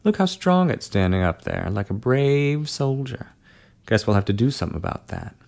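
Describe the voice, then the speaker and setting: A quiet, persuasive man speaks in a low, hushed register, as a male storyteller puts him on. His words come softly, close and coaxing, in a story reading. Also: sing-song, moderate pace, gravelly, heavily acted. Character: adult man, soft-spoken and coaxing host.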